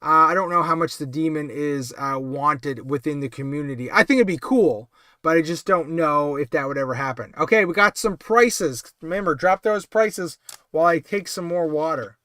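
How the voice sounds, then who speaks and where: Male stream host, casual and rambling, high voice, smooth and clear, dry sound. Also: normal speed, bright, forceful tone, dry recording. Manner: thinks aloud, reads chat comments, many fillers. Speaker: livestream host. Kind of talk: casual live-stream chat.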